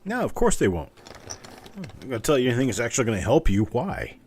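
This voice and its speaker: A man's voice: medium pitch, big pitch swings, quick pace, darkish tone, a little hiss or hum. A man hosting a live coin giveaway stream, chatting casually in an upbeat, joking way as he calls out viewers' names. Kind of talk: casual livestream chat.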